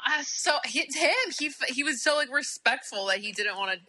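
A woman's voice: high-pitched, lively intonation, fairly quick, sharp tone. A woman co-hosting a podcast in casual chat, upbeat and playful. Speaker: podcast co-host.

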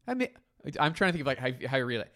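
Male comedian guest, relaxed anecdotal talker, middle pitch. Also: very fast. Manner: easygoing, rambling anecdotes. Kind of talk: casual chat.

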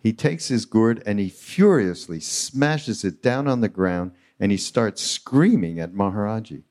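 A man hosting a podcast live on a retreat stage, telling a spiritual story in an animated way. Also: lowish voice, unhurried, hardly any pauses. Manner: animated storyteller acting out quotes. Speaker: podcast host.

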